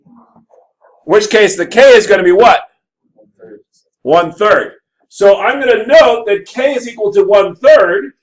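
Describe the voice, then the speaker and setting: Guy teaching math class, kinda high voice, lively and chatty, keeps asking if u follow. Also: measured pace, long pauses, rough recording. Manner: animated, asks the class for checks. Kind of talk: classroom lecture.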